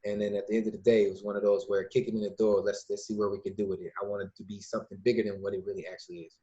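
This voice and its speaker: A man from Illinois, a podcast guest and youth mentor, talking casually and acting out quoted dialogue with lively changes of voice. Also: on the low side, very fast. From Lake County, Illinois, USA. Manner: lively storyteller who acts out quoted dialogue. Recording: dull lo-fi recording.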